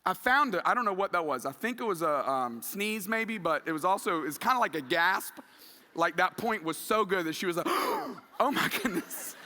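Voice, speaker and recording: A middle-aged man preaching a sermon in a church, conversational and animated, acting out quoted asides. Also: high-pitched, brisk, long reverb tail. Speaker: pastor. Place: church sanctuary.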